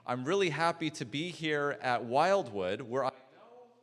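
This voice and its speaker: A man's voice: fairly high pitch, lively intonation, a little slow, a bit bright. A middle-aged man, a sleep specialist, lecturing a church audience in a conversational way and asking the room questions. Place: lecture hall. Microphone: handheld mic, swapped mid-talk. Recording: long hall reverb.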